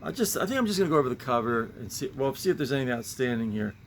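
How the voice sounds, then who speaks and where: A man's voice: mid-range voice, very animated, rapid-fire, slight background noise. A man hosting a casual show-and-tell about his comic book collection, rambling and musing with sighing asides.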